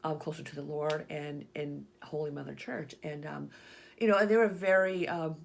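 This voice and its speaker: Low-voiced chatty woman. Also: moderate pace, creaky. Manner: chatty, many fillers, animated retelling of her own inner dialogue. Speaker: Catholic speaker sharing her faith story. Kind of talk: casual personal testimony.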